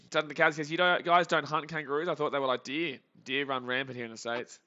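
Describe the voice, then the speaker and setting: Young australian man, bright tense voice, excitable live sports reactions, muffled lo-fi mic. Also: fairly high pitch, fast talker, smooth. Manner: excitable, jokey, swings between muttering and shouting. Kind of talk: live play-by-play reaction chat.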